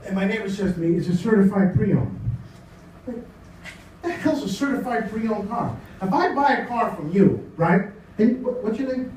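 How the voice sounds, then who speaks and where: Stand-up comic, male, high voice, lively storyteller, echoey club mic from a distance. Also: normal speed, slight background noise. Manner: animated storytelling, acts out dialogue. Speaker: stand-up comedian. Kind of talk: stand-up comedy set. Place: comedy club. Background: audience laughter.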